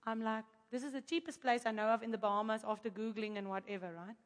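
A woman from Africa, telling a lively testimony to a congregation, animated and laughing often as she acts out the people in her story. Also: fairly high pitch, quick pace. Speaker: speaker giving a testimony to a congregation. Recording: echoey hall.

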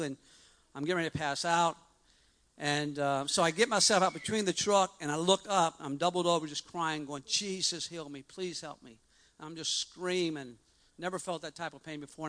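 A man's voice: fairly high pitch, a bit bright. A middle-aged man giving a personal testimony to a church congregation, earnest and rambling, with frequent restarts and fillers.

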